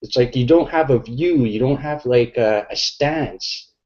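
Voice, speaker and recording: A man's voice: mid-range voice, a little slow, darkish tone, lo-fi sound. A tipsy middle-aged man chatting on a podcast, rambling and crude with many fillers. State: tipsy from drinking beer. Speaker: podcast guest. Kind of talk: casual chat.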